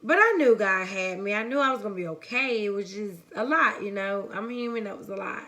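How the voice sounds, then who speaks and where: Bright-voiced young woman telling a story. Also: mid-range voice, a little fast. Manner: chatty, rambling, addresses viewers as y'all. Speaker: vlogger. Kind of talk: casual story time to viewers.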